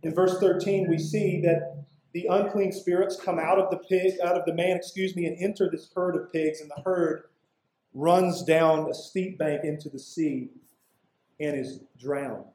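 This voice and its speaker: A man with a high voice preaches in a conversational way, breaking into casual asides and leaning on emphatic pauses. His voice rings through a roomy, echoing church sanctuary. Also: fairly even intonation, warm tone. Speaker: pastor. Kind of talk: expository sermon. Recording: echoey room.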